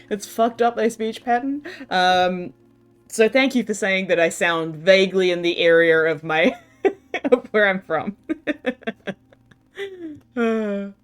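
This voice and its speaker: This is a young woman from New Zealand whose accent now and then drifts toward American R's. She streams a game in a slow, relaxed way, reading her chat aloud and giggling often. Her pitch sits in the middle range for a woman. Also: clean tone. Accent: New Zealand, with some American-sounding R's.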